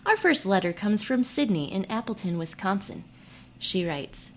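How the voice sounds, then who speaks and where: A woman's voice: medium pitch, sing-song, moderate pace, slight background noise. A woman hosting a comedic podcast, reading listener mail in a playful, jokey, self-mocking way. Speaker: podcast host.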